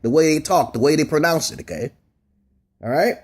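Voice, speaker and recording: A man's voice: fairly high pitch, lively intonation, fairly quick, husky. A man vlogging a rambling opinion monologue, often stopping to ask "okay?" and restarting his words, with casual swearing.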